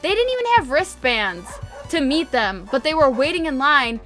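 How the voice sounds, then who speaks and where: A young woman from northwest Indiana chatting excitedly while she plays a game, full of "like" fillers. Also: sits high, normal speed, faint music behind. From northwest Indiana, USA. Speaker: gaming vlogger. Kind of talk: casual storytelling over gameplay.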